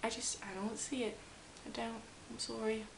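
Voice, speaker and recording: A woman's voice: a little high, little pitch movement, moderate pace, vocal fry. Rambling young woman from Canada. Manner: rambling, self-deprecating, often drops to a whisper. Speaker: vlogger. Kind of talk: casual rambling to camera. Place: game room at home. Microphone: camera mic. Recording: echoey room with faint hiss.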